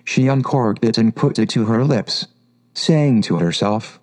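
A man narrating a classic storybook in a measured, unhurried reading. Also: medium pitch, a little mellow, low-quality recording.

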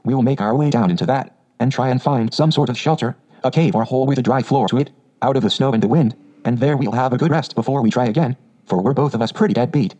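A man voicing a practical male water rat in a storybook reading, speaking briskly and impatiently on a dull lo-fi recording. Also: mid-range voice, dark tone, natural voice. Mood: tired.

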